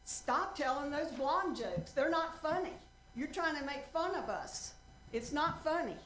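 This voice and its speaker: A woman in her seventies voicing an indignant blonde woman scolding from an audience in a shrill voice. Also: lively intonation, unhurried, a bit bright, slight background noise. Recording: roomy council chamber.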